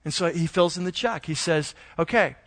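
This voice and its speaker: A middle-aged man preaching a sermon in a relaxed, conversational way, telling a family story with plenty of ums and restarts. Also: on the high side, normal speed. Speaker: pastor.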